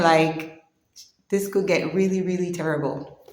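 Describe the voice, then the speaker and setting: A woman telling a personal story in an earnest, conversational way, pausing and restarting as she goes. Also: lowish voice, steady tone, roomy sound. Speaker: vlogger.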